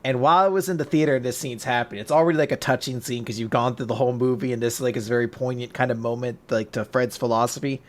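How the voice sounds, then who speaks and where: A young man co-hosting a podcast in casual chat, telling stories with lively, acted-out bursts. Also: mid-range voice, quick pace, hardly any pauses. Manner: animated storyteller, acts out scenes in loud bursts. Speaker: podcast co-host.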